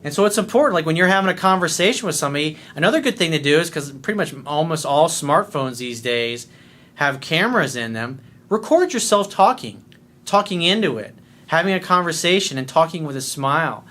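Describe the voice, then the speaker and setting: A man with a loud, bright, forceful voice pitched a bit high talks straight to the camera as a life coach. His delivery is blunt and peppered with curses, and he keeps a smile in his voice as he talks. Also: animated, fairly quick. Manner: blunt and profane; smiling while talking. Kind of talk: casual monologue video.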